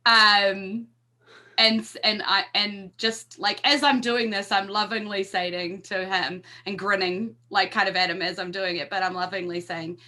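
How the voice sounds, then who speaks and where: A woman with a bright, forward voice describes her character's actions in a tabletop game. She talks casually, hedging with fillers as she goes. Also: mid-range voice, steady tone, unhurried. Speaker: player.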